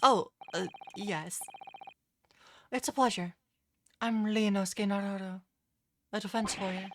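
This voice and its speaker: A woman's voice: medium pitch, a little slow, a bit bright, a little hiss or hum. A woman reading the lines of a polite young male defense lawyer in her own voice, hesitant and courteous.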